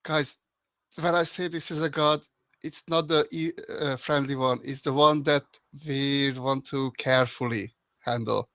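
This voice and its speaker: A man's voice: medium pitch, fairly even intonation, measured pace, pushed and bright, dry recording. A man playing a tabletop game, speaking urgently with stumbles and swearing. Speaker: player. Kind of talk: casual tabletop play.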